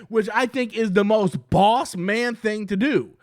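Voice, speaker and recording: High-voiced man ranting on camera. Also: measured pace, hardly any pauses, no room sound, studio quality. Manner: rambling and heated, with many restarts and quoted impressions. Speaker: commentary YouTuber. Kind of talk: casual opinion commentary.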